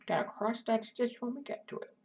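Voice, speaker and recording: A woman's voice: fairly high pitch, fairly quick, vocal fry, a little mellow, far from the mic. Chatty woman stitching, a bit off-mic. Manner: chatty, talks to herself and chat while working. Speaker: cross-stitch streamer. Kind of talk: casual live-stream chat while stitching.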